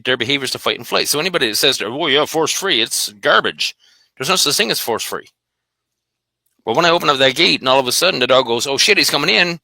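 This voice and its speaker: A man's voice: mid-range voice, vocal fry, bright, forceful tone, dry recording. A man talking bluntly and emphatically about dog behaviour in a casual conversation, swearing freely.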